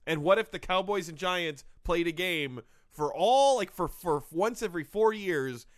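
A man hosting a comedy sports podcast, opening loudly and chatting casually with his co-hosts. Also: high-pitched, animated, moderate pace, no echo, clean studio sound. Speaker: podcast host.

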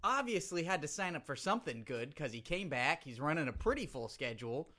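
A man's voice: a little high, very animated, a little fast, bright, forceful tone. A man co-hosting a comedy podcast, eager and jokey. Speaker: podcast co-host. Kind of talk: casual comedy podcast chat.

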